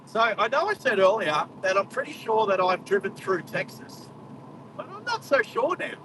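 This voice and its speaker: Chatty high-voiced Australian man driving. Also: very animated, moderate pace. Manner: chatty, exclaims at wildlife, talks to live chat. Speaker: driving livestream host. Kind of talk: casual live driving commentary. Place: inside a moving car on a country road. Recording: distant car mic with road noise.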